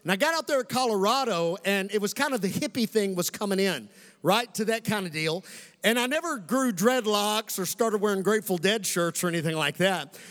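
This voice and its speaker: A man in his forties from Western Kentucky with a Kentucky accent, preaching a sermon as pastor, slowing for emphasis and calling on the congregation. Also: high-pitched, expressive, fairly bright tone. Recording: reverberant hall.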